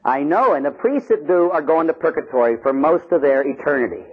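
Priest, male, from Pittsburgh, blunt and animated, slightly high husky voice, dull lo-fi sound. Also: brisk. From Pittsburgh, USA. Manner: blunt, animated, joking asides. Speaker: Catholic priest. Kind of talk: preaching talk. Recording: dull lo-fi recording.

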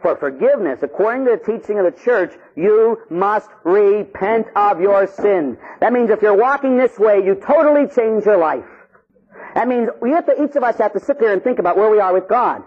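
A Catholic priest preaching an animated, jokey sermon, acting out little scenes for his listeners. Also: sits high, fast talker, breathy edge, phone-quality sound. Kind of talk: lively sermon with acted-out stories.

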